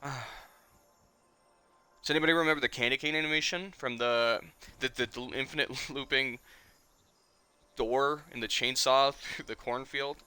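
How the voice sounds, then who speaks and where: A man's voice: medium pitch, steady tone, moderate pace, long pauses, bright, forceful tone, clean tone, dry recording. A man in his twenties, a streamer, chatting casually and emotionally in a rambling way and swearing often. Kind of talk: casual nostalgic chat.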